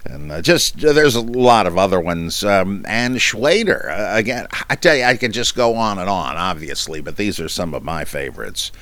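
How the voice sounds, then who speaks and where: A podcast host answers listener questions in a casual, halting way, full of fillers and self-deprecating humor. His low voice is animated and a bit bright, and the recording is dry.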